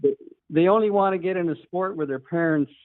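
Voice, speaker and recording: A man's voice: sits high, fairly quick. A man calling in to a live show, blunt and critical in his opinions. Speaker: caller. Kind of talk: opinionated call-in talk. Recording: tinny phone line.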